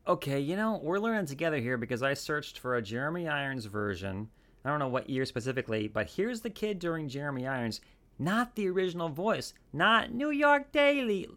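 A man's voice: on the high side, sing-song, fairly quick, fairly bright tone. A man hosting a podcast, talking in a casual, rambling way with lots of restarts and asides. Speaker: podcast host.

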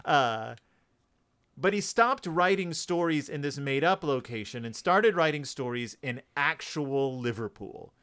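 A man co-hosting a podcast, chatting casually about a book. His voice is fairly high for a man and smooth, and his pitch swings widely as he jokes and does little voices for the people he quotes. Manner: animated, jokey, puts on quick voices for quotes. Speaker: podcast co-host.

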